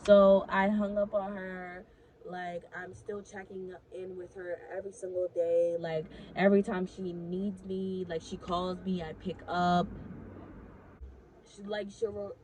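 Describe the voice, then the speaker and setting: A woman's voice: on the low side, little pitch movement, unhurried, darkish tone, a little hiss or hum, low-quality recording. A young adult woman casually telling a story to her viewers, chatty and swearing freely.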